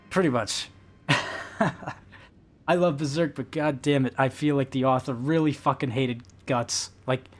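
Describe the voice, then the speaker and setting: A man streaming a game live, chatting casually with viewers in a profane, animated rant. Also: medium pitch.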